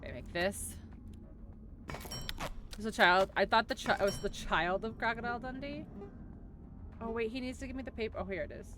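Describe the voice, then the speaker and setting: A woman's voice: a little high, brisk, pauses often, over music. Giggly woman. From New Zealand. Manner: giggly, rambling, self-deprecating. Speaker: streamer. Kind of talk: casual gaming stream chat.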